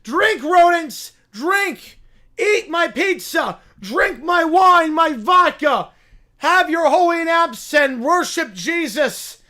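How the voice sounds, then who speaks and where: A fanatical young bear preacher bellows orders in a high, strained voice, declaiming every line like a sermon, as a man puts him on. The delivery is loud and drawn out, with pitch climbing well above an ordinary speaking voice. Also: animated, slow, heavily acted. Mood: frenzied shouting. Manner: booming, declaiming sermon-like commands.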